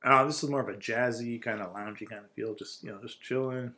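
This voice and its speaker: A man's voice: medium pitch, fairly even intonation, fairly quick, sharp tone. A man co-hosting a radio show from home, laid-back and agreeable, answering mostly in short replies. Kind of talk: casual radio chat.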